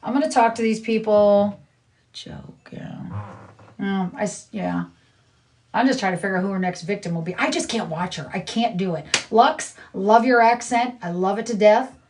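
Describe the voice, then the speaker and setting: A middle-aged woman venting on a casual live stream, blunt and indignant. Her voice sits at an ordinary pitch and she speaks straight to her viewers from her living room. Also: a little mellow. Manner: blunt, indignant, talks to her child off to the side. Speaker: livestreamer.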